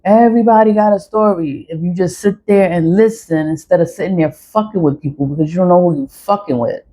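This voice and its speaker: Woman ranting to her phone, kinda low voice, cursing a lot, repeats herself, defiant. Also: fairly quick, dark tone. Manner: blunt, profane, repeats phrases, defiant. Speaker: vlogger. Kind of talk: ranting monologue to camera.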